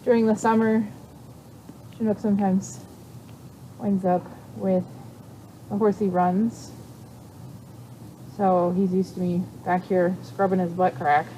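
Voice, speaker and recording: A woman's voice: on the low side, a little hiss or hum, rough recording. A young woman teaching horse exercises in casual, chatty talk while working with a horse at a barn. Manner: chatty, explains freely, coos softly to the horse. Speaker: equine exercise instructor.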